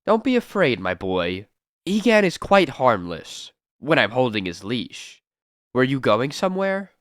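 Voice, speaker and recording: Brief: sinister doctor, read by a man, slow, smooth and threatening. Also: mid-range voice, very animated, fairly bright tone, no echo, clean studio sound. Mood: sinister polite. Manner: silkily polite, veiled threats. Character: sinister male asylum doctor, smooth and menacing.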